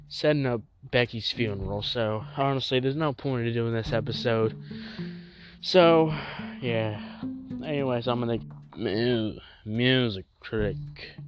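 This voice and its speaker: A man hosting a music review show, playing himself in a comic skit with quick, exasperated comebacks. His pitch is mid-range and his pace slow overall. Loud music runs underneath everything. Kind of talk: comedic skit monologue. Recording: music playing loudly behind.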